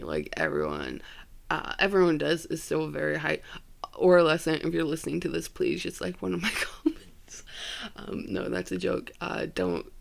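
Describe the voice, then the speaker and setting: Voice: medium pitch, creaky, fairly bright tone. A young adult hosting a solo podcast, rambling in scattered, self-deprecating asides with frequent giggles. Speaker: podcast host.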